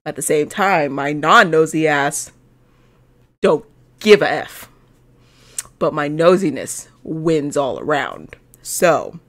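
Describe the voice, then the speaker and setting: A woman's voice: low-pitched, animated, slow. Sassy, swearing young woman gamer. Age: 20s. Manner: playful, sassy and swears freely. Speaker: gaming video host. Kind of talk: casual let's-play commentary.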